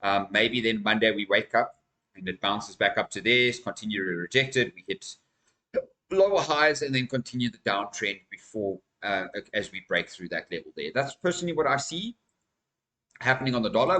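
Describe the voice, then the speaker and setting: A man's voice: mid-range voice, a bit bright, low-quality recording. A man hosting a crypto channel, talking through market news and charts in a casual, emphatic vlog style and calling his viewers "guys".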